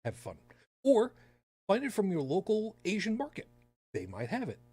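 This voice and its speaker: A man's voice: sits high, huge pitch swings, normal speed, darkish tone, breathy edge, no echo. A man hosting a podcast in casual chat, talking with sarcastic, rambling asides. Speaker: podcast host.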